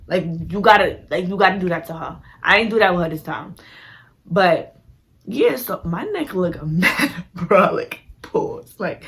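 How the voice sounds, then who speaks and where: A woman's voice: mid-range voice, animated, moderate pace, a bit bright. A young woman telling a story in a casual, slangy way, full of "like" and acted-out quotes. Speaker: vlogger.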